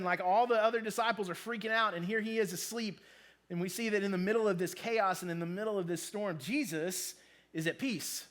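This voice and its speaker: Man in his thirties, casual youth preacher, high voice, chatty and joking. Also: fairly bright tone. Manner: casual, joking, with many ums. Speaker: youth pastor. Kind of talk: sermon to students.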